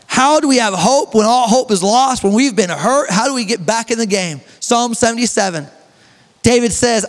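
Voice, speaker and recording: A young male pastor with a very high-pitched voice preaches a sermon in a church hall. His delivery is emphatic and drawn out, with sudden shouts and joking asides. The sound rings with long church-hall reverb. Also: lively intonation, normal speed.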